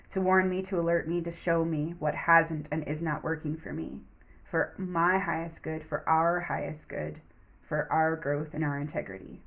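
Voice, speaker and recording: A woman with a fairly low voice talks through her week like a spoken journal. She moves between slow, gentle affirmations and blunt, profane outbursts. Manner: affirmations, mixing calm reflection with sudden profane venting. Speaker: spiritual vlogger.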